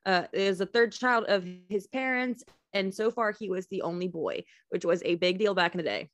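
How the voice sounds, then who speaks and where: A woman's voice: mid-range voice, animated, normal speed, no room sound. Giggly chatty woman podcaster. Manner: chatty, giggly, lots of fillers. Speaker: podcast co-host. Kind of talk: casual true-crime podcast chat.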